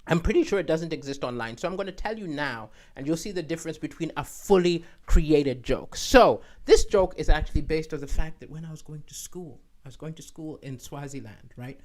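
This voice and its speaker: A male comedian host telling jokes in an animated stand-up storytelling style, with frequent "right?" and big swings in loudness. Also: sits high.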